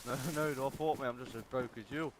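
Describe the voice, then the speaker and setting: A man's voice: mid-range voice, steady tone, a little fast, crowd noise. A man, a fellow player on voice chat, trading crude, swearing banter.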